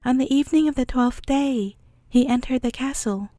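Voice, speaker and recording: A woman narrating a fairy tale as a bedtime story, reading in a calm, measured way. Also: high voice, no room sound.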